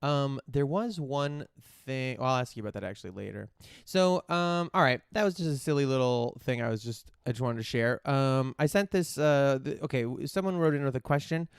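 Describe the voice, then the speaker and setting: A man's voice: medium pitch, animated, a little fast, hardly any pauses, clear, resonant tone, dry recording, clean studio sound. A man hosting a podcast, chatting in a rambling, candid way and swearing casually. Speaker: podcast host. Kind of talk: casual chat.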